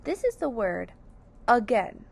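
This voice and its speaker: A woman's voice: fairly high pitch, big pitch swings, slow pace, vocal fry. A woman teaching a phonics lesson, sounding out each word syllable by syllable with careful, over-enunciated speech. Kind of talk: slow, deliberate phonics lesson.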